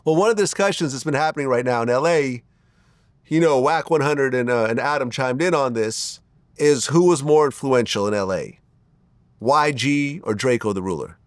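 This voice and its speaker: A man hosting a casual interview, chatty and quick with his asides. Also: medium pitch, animated, no echo, clean studio sound. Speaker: interview host.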